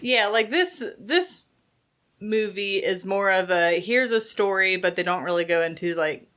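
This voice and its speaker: A woman's voice: mid-range voice, animated, unhurried, a bit bright. A woman hosting a podcast, talking casually about a film with hesitant phrasing and many fillers. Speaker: podcast host. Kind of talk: casual movie review chat.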